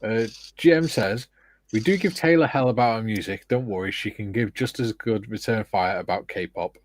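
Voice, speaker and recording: A man's voice: lowish voice, normal speed, no echo. A man hosting a live stream, reading viewers' chat comments aloud and adding dry quips.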